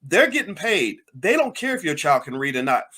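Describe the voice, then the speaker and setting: Fiery, animated man. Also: fairly high pitch, a little fast. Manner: fiery, rhetorical questions, angry. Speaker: commentator. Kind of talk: impassioned political commentary.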